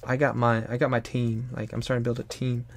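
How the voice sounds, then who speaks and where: A young adult man chatting casually while he draws on a live stream, rambling and animated, sometimes bursting into loud high put-on exclamations. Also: quick pace, gravelly. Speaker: streamer and artist.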